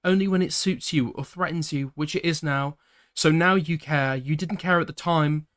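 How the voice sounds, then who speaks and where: Man voicing a bitter young woman ex, pitched up, sharp and accusing. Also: moderate pace, lightly acted.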